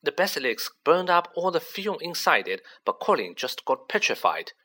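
A man doing a breathless boy wizard in a storybook reading, raised a few steps above the narrator's own bright, lively voice. He piles up clues in eager, urgent bursts. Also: on the high side, breathy edge, pitched above the performer's own voice, heavily acted. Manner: eager, urgent, rapid reasoning. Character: excited boy wizard, quick-thinking young male student.

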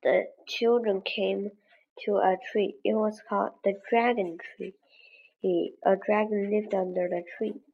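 A woman's voice: medium pitch, fairly even intonation, a little slow, creaky, phone-quality sound. A woman reading a graded children's story aloud for English learners, with careful, evenly paced delivery. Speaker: English lesson reader.

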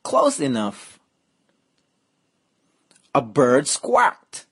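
A woman reading a picture book to children, drawing every word out very slowly. Her pitch swoops up and down as she plays up the story, and her voice has a soft, breathy edge. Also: sing-song. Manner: slow, playful, exaggerated reading.

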